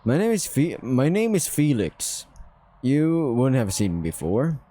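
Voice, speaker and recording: A man voicing a tense, withdrawn male rat in a visual novel, speaking flat, cold and clipped. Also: mid-range voice, unhurried, breathy edge, exaggerated voice.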